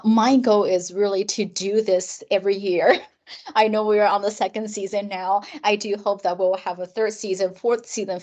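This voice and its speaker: A woman's voice: mid-range voice, a little mellow. Earnest woman hosting a webinar. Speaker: webinar host. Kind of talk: closing remarks to a training session.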